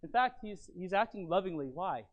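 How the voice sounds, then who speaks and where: A man preaching a sermon as he teaches from his notes. He talks earnestly and emphatically, moving between loud stresses and quiet lines. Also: high voice, expressive, moderate pace, lo-fi sound. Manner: teacherly, walks through notes and fill-in blanks.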